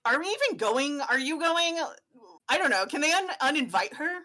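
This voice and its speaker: A fussy, snobbish middle-aged dad rants in disbelief, as a woman puts him on. His voice runs high and piercingly bright, whiny and incredulous, every question climbing in outrage. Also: very animated, moderate pace, heavily acted.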